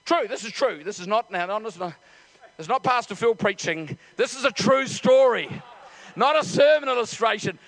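A middle-aged man preaching a lively sermon. He tells the story with many restarts, acts out the voices and builds up to shouts. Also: sits high, moderate pace, gravelly. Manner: animated storytelling, acting out voices. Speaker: pastor.

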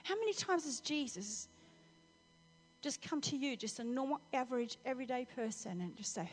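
A woman preacher giving a lively storytelling sermon, speaking directly to the congregation. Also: high voice, normal speed. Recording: reverberant hall, faint music.

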